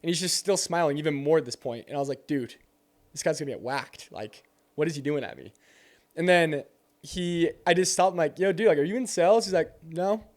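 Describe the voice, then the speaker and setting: A man's voice: a little high, a little fast. A young man telling a door-to-door sales story in casual chat, acting out both sides of the conversation.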